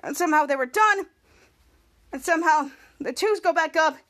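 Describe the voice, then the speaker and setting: A woman's voice: high voice, moderate pace, fairly bright tone. A woman hosting a podcast, casually retelling a TV episode scene by scene in a rambling way with frequent restarts. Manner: rambling retelling with acted quotes and many restarts. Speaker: podcast host.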